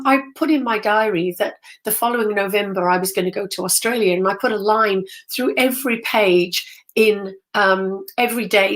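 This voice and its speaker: A middle-aged woman talks to a live online audience in a casual storytelling way. She is a spiritual medium who rambles and gets excited, with plenty of ums and self-corrections. Her pitch sits in the middle range.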